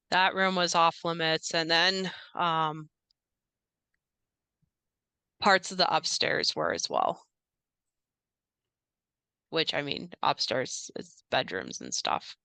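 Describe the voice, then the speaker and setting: A woman's voice: low voice, big pitch swings, slow pace, vocal fry, pauses often, bright, forceful tone, smooth, dry recording, heavily acted. A woman voicing a polite, nervous male house staffer who talks hesitantly with many fillers.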